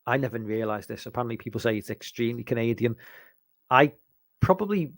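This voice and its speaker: A man's voice: medium pitch, lively intonation, quick pace, dry recording. A man from England chatting casually about horror films, rambling and hesitant, with lots of ums and restarts. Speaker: podcast host.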